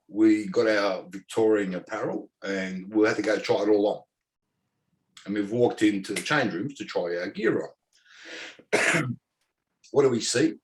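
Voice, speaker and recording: Lowish in voice, a forties-aged Australian former footballer animatedly narrates a story in conversation. He performs what the others said and often breaks into laughter.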